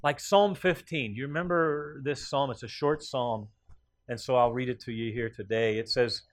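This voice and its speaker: A man preaching a sermon, telling a story with many pauses and fillers and lifting his voice for the quoted lines. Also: mid-range voice, no room sound. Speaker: pastor.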